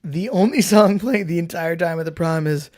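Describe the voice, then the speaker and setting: A man's voice: a little high, moderate pace, a little mellow. A man co-hosting a podcast in casual chat about a film, blunt and opinionated, swearing freely. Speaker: podcast co-host.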